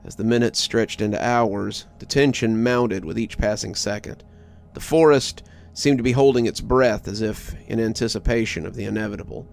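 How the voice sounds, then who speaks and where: A man reading a horror story aloud in a low, hushed scripted narration. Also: fairly even intonation, normal speed, gravelly, soft background music.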